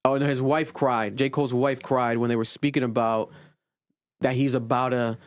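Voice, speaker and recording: A man co-hosting a casual podcast, thinking aloud with restarts and rising in pitch when he makes a point. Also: little pitch movement, moderate pace, smooth, no room sound. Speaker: podcast co-host.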